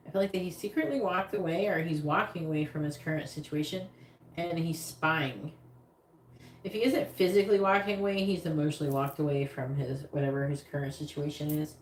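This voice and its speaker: Woman psychic on a live stream, lowish voice, chatty and meandering, roomy echo with faint hiss. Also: steady tone, fairly quick. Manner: chatty, rambling, talks directly to viewers. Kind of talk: live-stream tarot reading.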